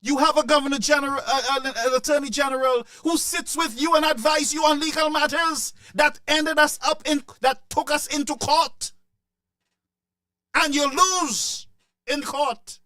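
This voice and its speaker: A man's voice: extremely high pitch, steady tone, moderate pace, pushed and bright, no echo. A man giving impassioned political commentary, emotional and repetitive, stumbling over restarts as he presses his points.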